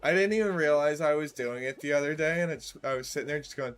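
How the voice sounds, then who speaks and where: A man's voice: fairly high pitch, fast, few pauses, soft background music. A man chatting casually while playing a game, rambling with jokey asides. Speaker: streamer. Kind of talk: casual gameplay chat.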